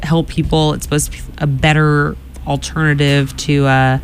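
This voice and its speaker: A man's voice: on the high side, little pitch movement, normal speed, a little hiss or hum. A man co-hosting a casual news chat show, chatty, laughing often and trailing off into fillers. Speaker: co-host.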